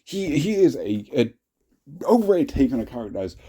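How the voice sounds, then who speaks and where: A man's voice: medium pitch, very animated, brisk, mellow, husky. A young British man casually giving his opinions, rambling with frequent restarts and blunt swearing. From Britain. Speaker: YouTube reviewer.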